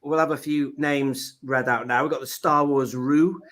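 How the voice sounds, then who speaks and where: A man's voice: medium pitch, steady tone, normal speed, a bit bright. A man hosting a casual live stream chat, joking and laughing often. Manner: chatty, jokey, laughs often. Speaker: host of a live stream show. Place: at home.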